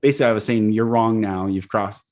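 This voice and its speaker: Animated storytelling man, lowish voice. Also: quick pace. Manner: animated storyteller, laughs often, acts out quotes. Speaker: guest, healing coach. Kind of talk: casual conversation.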